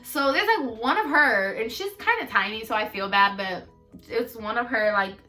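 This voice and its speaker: A teenage girl with a fairly high voice tells a profane storytime vlog at a moderate pace, sounding far from the mic with faint music behind her. She's animated and acts out what people said, loudly.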